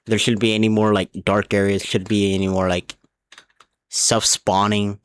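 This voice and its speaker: A man's voice: on the low side, flat delivery, moderate pace, clear, resonant tone. A man streaming a game live, rambling along as he plays, often restarting his sentences and swearing, and a little drunk. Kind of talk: casual live gaming commentary.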